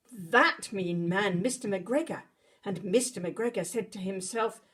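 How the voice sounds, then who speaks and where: A woman reading a children's bedtime story aloud, expressive, with dramatic gasps and animal noises. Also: medium pitch, measured pace, husky.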